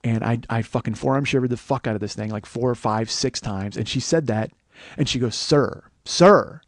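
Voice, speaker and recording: Man, 40s, podcast host, comedic storytelling, profane, sudden shouting bursts, dry close mic. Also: medium pitch, fairly even intonation, a little fast, no echo. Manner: profane, erupts into shouting when reenacting arguments.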